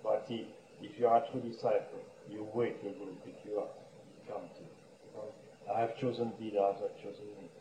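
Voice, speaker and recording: A man's voice: fairly low pitch, little pitch movement, normal speed. A man giving a sermon as a monk, telling stories with frequent chuckles and restarts. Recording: roomy echo, distant mic, faint background hum.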